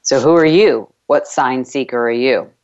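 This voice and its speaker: A woman's voice: rumbling low, moderate pace, darkish tone, highs cut off. A woman from New York with a slight New York accent, hosting a motivational radio talk show and stressing points by repeating words.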